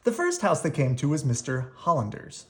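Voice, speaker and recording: A reader narrating a children's mystery book as a bedtime read-aloud, expressive and pausing to show pictures. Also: mid-range voice.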